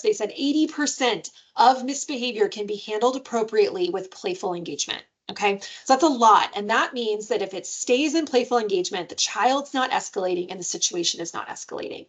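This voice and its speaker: A woman presenting a parenting webinar in a conversational way, often checking in with "right?" and sometimes jumping into playful high voices for examples. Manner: jumps into playful high-pitched voices when giving examples.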